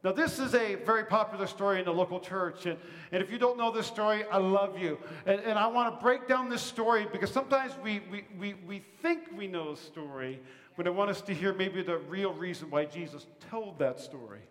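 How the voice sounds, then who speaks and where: A male pastor with a high voice, preaching in a chatty, down-to-earth way and tossing questions out to the congregation. His voice rings with a long reverb that fills the church hall. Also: a little fast, a bit bright. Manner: conversational, quizzing the congregation. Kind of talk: sermon. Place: church service.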